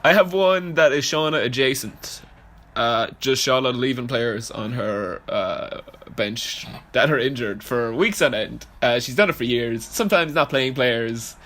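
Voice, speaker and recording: A man's voice: mid-range voice, expressive, unhurried, a bit bright, slight background noise. A man co-hosting a podcast in casual, teasing chat, laughing often. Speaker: podcast co-host. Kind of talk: casual chat about fantasy sports.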